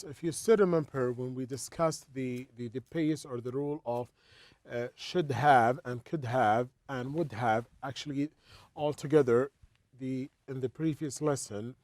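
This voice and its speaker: A man teaching an English lesson, explaining slowly and repeating words as he goes. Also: fairly high pitch, dark tone, dry recording.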